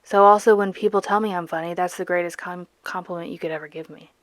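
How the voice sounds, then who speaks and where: A woman's voice: fairly low pitch, fairly even intonation, fast talker, no echo, studio quality. A young woman from Georgia with a light Southern accent, chatting playfully in a voiceover while painting, sometimes dropping into a whisper. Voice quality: playful, goofy, self-mocking. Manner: drops to whispers at times. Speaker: art channel host.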